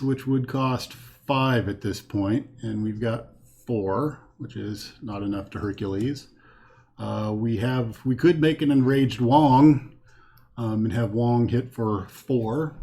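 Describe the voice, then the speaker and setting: A man plays through a card game on his own and talks every move out loud as he goes. He counts cards one by one and weighs his choices as he thinks aloud. His pitch sits in the middle range for a man. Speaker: host playing a card game. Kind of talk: casual solo card game playthrough commentary. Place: home setup with a green screen.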